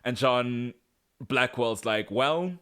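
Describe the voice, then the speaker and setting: A man in casual podcast chat, recapping a show with a sarcastic edge. His voice sits at an ordinary middle pitch. He breaks into mocking impressions of the characters as he goes. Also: animated, a bit bright. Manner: sarcastic, acts out characters in quick asides. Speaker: podcast co-host.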